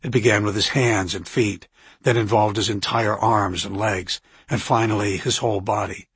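A man with a husky voice reading a novel aloud in an even, steady narration. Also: on the low side, normal speed, dry recording. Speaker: audiobook narrator. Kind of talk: scripted narration.

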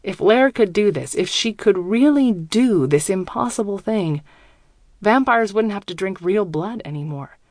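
A woman reading a first-person audiobook in a measured, expressive way, recorded on a close mic. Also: mid-range voice, dry recording. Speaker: audiobook narrator.

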